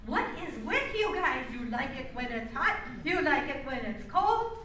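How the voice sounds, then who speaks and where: A woman's voice: high-pitched, sing-song, a little slow, pushed and bright, a little hiss or hum, full character voice. An older woman voicing an exasperated, baffled male devil in a joke told on stage. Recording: echoey hall from far off.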